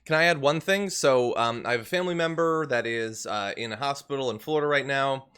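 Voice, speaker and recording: A man hosting a political commentary show, conversational and exasperated, asking questions out loud. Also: mid-range voice, a little fast, clear, resonant tone. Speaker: host.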